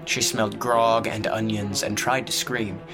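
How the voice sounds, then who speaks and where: A man with a fairly low voice reads a dark fantasy story aloud in a steady, measured way. He narrates in an even storytelling manner. Music plays clearly beneath his voice. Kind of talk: scripted audiobook narration.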